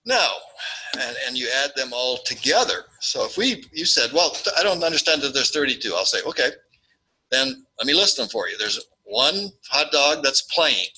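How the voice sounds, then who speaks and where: Bright-voiced man lecturing with playful asides. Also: medium pitch, moderate pace, slight background noise, rough recording. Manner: jokey, animated, acts out little scenes. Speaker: statistics lecturer. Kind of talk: classroom lecture.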